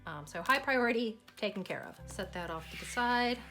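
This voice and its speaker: A woman's voice: a little high, expressive, normal speed, fairly bright tone, soft background music. A woman hosting a budgeting vlog, telling a long story in a chatty way, laughing now and then and reading out dollar amounts as she goes. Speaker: budgeting channel host.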